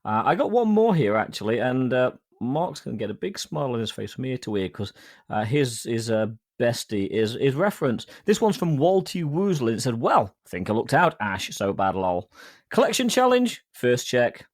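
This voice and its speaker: A man co-hosting a podcast, playful and teasing, reading out listener shout-outs. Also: mid-range voice, big pitch swings, normal speed. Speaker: podcast co-host. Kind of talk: casual chat.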